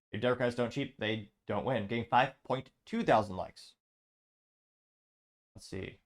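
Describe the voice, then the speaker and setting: A man hosting a show, reading social media posts aloud and adding wry asides. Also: medium pitch. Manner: reads comments out, adds wry asides. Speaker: host.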